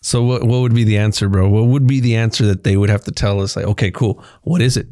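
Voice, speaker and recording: A man's voice: lowish voice, steady tone, quick pace, dark tone, clean tone, no room sound, studio quality. A man in casual podcast chat, talking in a searching, hesitant way as co-host.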